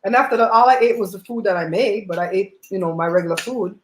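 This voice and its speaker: A woman hosting a livestream, chatting and telling stories in an animated way while eating at home on a laptop mic. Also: medium pitch, quick pace, roomy sound, slight background noise, poor audio. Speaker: host.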